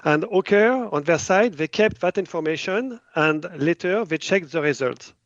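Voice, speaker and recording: A man's voice: fairly high pitch, lively intonation, moderate pace, a bit bright, no echo, lo-fi sound. A man with a French accent, a biotech company head, answering in a podcast interview, hesitant and full of fillers. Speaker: biotech company CEO, guest.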